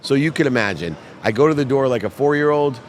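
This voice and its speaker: A man telling a personal story as a podcast guest, animated and heartfelt, now and then acting out the voices of the people in his story. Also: medium pitch, fast, a little hiss or hum. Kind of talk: emotional storytelling.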